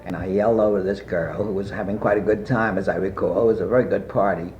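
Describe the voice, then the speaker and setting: An older man being interviewed, telling a long personal anecdote in a rambling way with many pauses and fillers. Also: low voice, steady tone, a little mellow, slight background noise. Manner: rambling anecdotal, frequent "uh" and asides. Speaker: interviewee recalling his past. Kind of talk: oral history storytelling. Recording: muffled archival tape.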